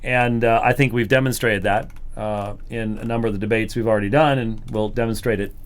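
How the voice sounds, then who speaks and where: A man's voice: fairly low pitch, fairly even intonation, fairly quick, clear, resonant tone. A man hosting a commentary program who talks casually and mimics other voices in the middle of sentences. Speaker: host of apologetics program.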